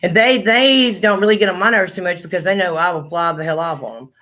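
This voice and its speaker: A woman's voice: on the low side, fast, a bit bright. A middle-aged woman, chatting on a livestream and telling blunt, profane stories. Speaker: livestream host. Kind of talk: casual chat.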